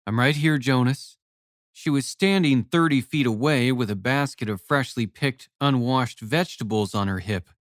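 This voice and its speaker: A man narrating an audiobook in a steady storytelling manner. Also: mid-range voice, moderate pace, hardly any pauses, no room sound, studio quality.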